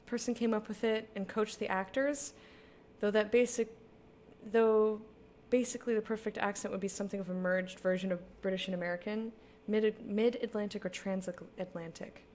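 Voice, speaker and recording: A woman's voice: medium pitch, steady tone, normal speed, darkish tone, slight background noise. A woman in her thirties chatting casually as she plays a game, laughing often and reading lines aloud. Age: 30s. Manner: chatty, giggly, reads game text aloud. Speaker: gaming streamer. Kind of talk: casual let's play commentary.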